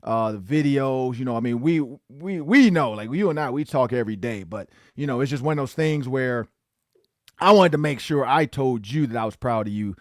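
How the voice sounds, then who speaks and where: A man's voice: mid-range voice, expressive, moderate pace, dry recording, clean studio sound. A man hosting a podcast, talking in a casual, earnest and sincere way. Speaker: podcast host.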